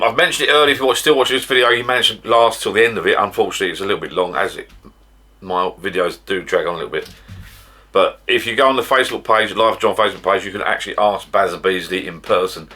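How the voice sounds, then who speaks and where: A man's voice: sits low, steady tone, quick pace, sharp tone. A middle-aged man from the UK, chatting casually and rambling in a home vlog from his garden bar shed. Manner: rambling and chatty, with frequent restarts. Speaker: vlogger.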